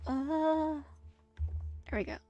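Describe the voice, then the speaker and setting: A woman's voice: sits high, steady tone, slow, dark tone, lo-fi sound, soft background music. A woman streaming a movie watch-along, chatting casually with rambling asides and self-interruptions. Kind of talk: casual live commentary. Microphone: streaming setup.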